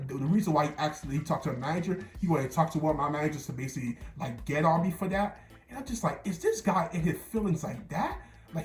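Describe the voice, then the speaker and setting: Rambling, slangy young man in echoey room. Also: medium pitch. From New Jersey. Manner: rambling, slangy, with many restarts and repeated words. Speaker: YouTuber telling a story. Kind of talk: casual storytelling.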